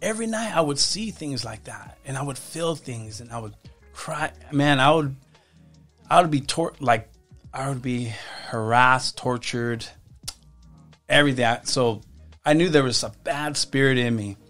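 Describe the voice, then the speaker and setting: A man speaking as a podcast guest, telling his life story in a halting way and often repeating his words. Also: medium pitch, fairly bright tone, faint music behind. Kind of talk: personal testimony in casual conversation.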